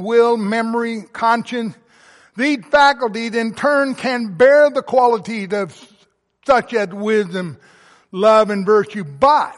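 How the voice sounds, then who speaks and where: A man's voice: sits high, long reverb tail. A male pastor preaching a sermon with emphatic, rising and falling delivery. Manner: emphatic preaching, swelling to loud emphasis then dropping soft.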